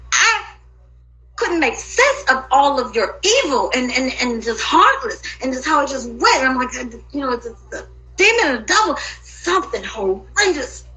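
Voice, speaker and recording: High, lively, bright-voiced woman ranting. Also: slight background noise, poor audio. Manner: agitated, profane and rambling, with sudden loud outbursts. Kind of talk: emotional personal monologue.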